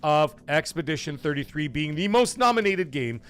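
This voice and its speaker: A man's voice: on the high side, very animated, normal speed, clear, resonant tone. A man hosting a casual live stream who jokes, swears loosely and reads viewer messages aloud. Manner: chatty, joking, loose and profane. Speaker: livestream host.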